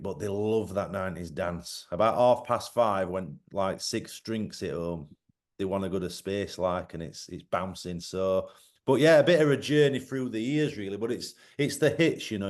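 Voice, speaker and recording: A man on a radio interview, explaining his club night in a relaxed way. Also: on the low side. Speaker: guest, event organiser.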